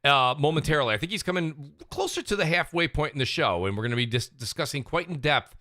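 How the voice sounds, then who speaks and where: A man hosting a casual gaming podcast in an animated, joking way. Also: a little high, fast talker, no room sound, clean studio sound. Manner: animated, jokey, gives chat shout-outs. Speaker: podcast host.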